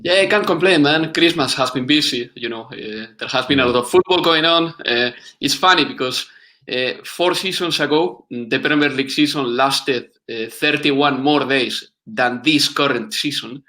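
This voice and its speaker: Bright-voiced man, hesitant guest. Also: mid-range voice. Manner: thoughtful, pauses with many uhs. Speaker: podcast guest. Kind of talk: casual interview answers.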